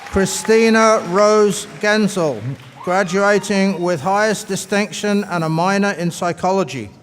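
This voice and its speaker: A man announcing graduates' names at a commencement in a formal, measured way, through a podium microphone. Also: high-pitched. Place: large commencement hall. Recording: echoey hall over a PA with crowd noise.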